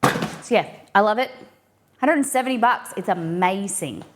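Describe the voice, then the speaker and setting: Chatty woman with a softened Australian accent. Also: medium pitch, animated, normal speed, background noise. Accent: mild Australian, mixed and softened. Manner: chatty, rambling, answers chat aloud. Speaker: cooking streamer. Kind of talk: casual live-stream chat.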